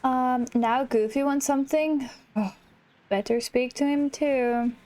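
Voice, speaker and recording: A woman's voice: high voice, steady tone, unhurried, a little mellow, a little hiss or hum. A young woman hosting a gaming channel, chatting casually and muttering self-mocking asides while playing. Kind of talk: casual gameplay commentary.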